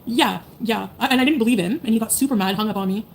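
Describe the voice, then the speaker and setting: A woman in her thirties chats casually with her livestream viewers, talking fast at a fairly high pitch against slight background noise. She's blunt and profane, rambling along with lots of "like"s and "you know"s as she speaks to chat.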